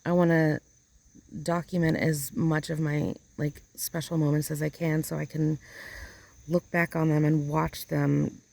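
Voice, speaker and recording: A woman's voice: sits low, flat delivery, unhurried, gravelly, a little mellow. A woman talking casually in an outdoor vlog, rambling and emotional as she hunts for the right words. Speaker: vlogger. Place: outdoors in a yard chair.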